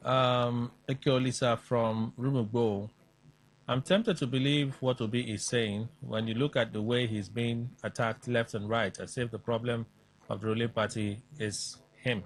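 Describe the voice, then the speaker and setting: Radio host reading listener texts. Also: male voice, mid-range voice, steady tone, unhurried, poor audio. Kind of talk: reading listener messages on air.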